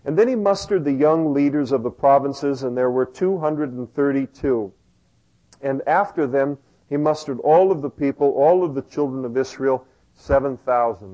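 A male pastor preaches in a church with a relaxed, conversational delivery. He drops into self-deprecating asides and fillers. The recording sounds slightly muffled and dull. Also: medium pitch. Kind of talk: sermon.

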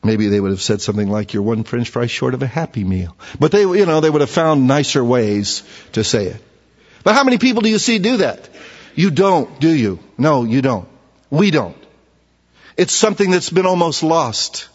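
A man's voice: mid-range voice, sing-song, normal speed. A man preaching a sermon as pastor, conversational, with rhetorical questions and repeated words. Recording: dull, echoey church hall recording.

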